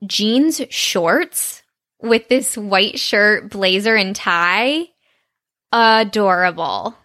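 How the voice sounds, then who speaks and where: Southern woman podcast co-host, casual and chatty, quick to laugh. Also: mid-range voice, sharp tone. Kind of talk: casual chat.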